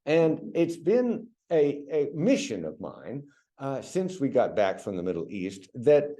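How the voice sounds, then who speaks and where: A man's voice: medium pitch, sing-song, a little slow, warm tone. A middle-aged American man giving a chatty public lecture as a university professor, coaching the audience on pronunciation. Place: lecture venue.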